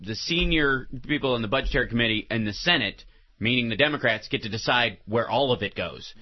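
A man co-hosting a talk radio show, bantering and joking. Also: mid-range voice. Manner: joking, quick with impressions. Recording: dull studio radio audio, faint hiss.

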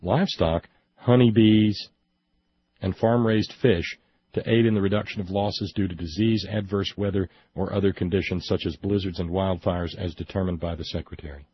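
Sarcastic low-voiced man, dull lo-fi sound. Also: fairly even intonation, fairly quick, husky. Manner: sarcastic, mocking, rising to indignant emphasis; hesitant restarts and fillers. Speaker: political commentary host. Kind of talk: sarcastic monologue reading from a report.

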